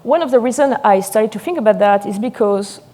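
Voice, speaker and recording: A woman from France with a French accent giving a live seminar lecture as a sommelier, talking fast and excitedly. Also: mid-range voice.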